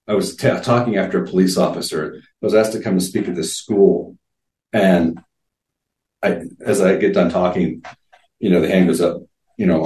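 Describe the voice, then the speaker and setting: A man's voice: low voice, darkish tone. A man in his fifties, an interview guest, telling vivid stories earnestly with frequent restarts. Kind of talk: casual storytelling. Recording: roomy sound, distant from mic.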